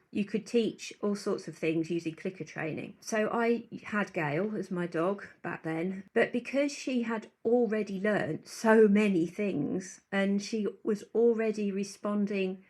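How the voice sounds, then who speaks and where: Guest expert: woman, mid-pitched, earnest, thinks aloud, explains patiently. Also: a little mellow. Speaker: guest dog behaviourist. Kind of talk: conversational interview answers.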